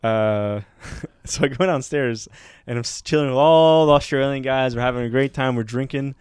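A man's voice: mid-range voice, normal speed, clean tone, no room sound, clean studio sound. Male podcast co-host, casual storyteller who acts out other voices, clean resonant tone. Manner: animated storyteller, acts out voices, laughs often.

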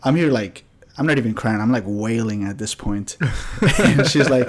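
A young man co-hosting a podcast, telling a story in a lively, laughing way. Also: mid-range voice, normal speed. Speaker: podcast co-host. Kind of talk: casual storytelling chat.

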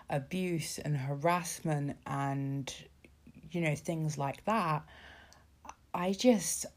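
A woman's voice: low voice, darkish tone. A woman ranting casually about politics, sarcastic and exasperated, swearing freely and filling with asides. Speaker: vlogger.

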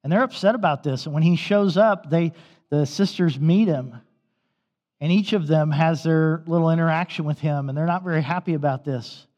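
A male pastor delivers a sermon in a conversational, storytelling manner, his voice sitting a little high for a man. The sound is somewhat dull and muffled, and it rings with the long reverb of a church sanctuary. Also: darkish tone.

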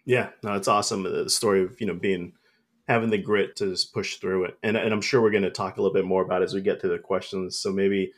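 Man, podcast host, very deep voice, fast talker, encouraging. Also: steady tone. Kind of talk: casual interview.

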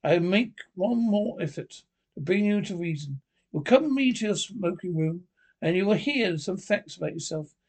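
Stern old badger, read by a man: gravelly, grave and commanding, storybook reading. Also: high-pitched, animated, normal speed, darkish tone.

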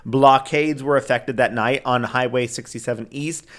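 A man's voice: mid-range voice, fairly even intonation, normal speed, a bit bright. A man co-hosting a casual true-crime podcast, reading case details between rambling asides with lots of fillers. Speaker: podcast co-host.

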